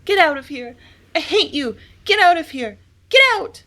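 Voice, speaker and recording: A woman's voice: sits high, steady tone, takes it slowly, fairly bright tone, voice pushed up, full character voice. A woman reading an audiobook and voicing a frightened, upset young girl who screeches and wails. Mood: screeching. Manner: screeching, wailing.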